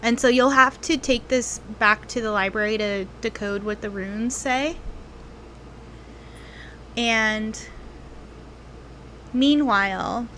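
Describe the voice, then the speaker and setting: A woman game master narrates a tabletop role-playing session in a fairly high voice. She talks slowly, with lots of ums and thinking pauses, and a faint hum sits behind her. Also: a bit bright. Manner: unhurried storytelling with frequent ums and pauses.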